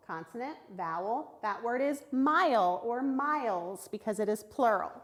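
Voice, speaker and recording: Slow, clear-spoken woman teaching phonics. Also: mid-range voice. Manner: slow, clear, encouraging, sounds out words. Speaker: third grade reading teacher. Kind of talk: recorded phonics lesson for children.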